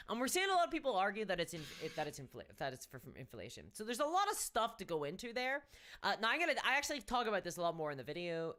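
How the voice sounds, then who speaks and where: A woman's voice: on the low side, sharp tone. An Irish woman hosting a casual live stream, chatty and wry, with frequent restarts. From Ireland. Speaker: miniatures channel host.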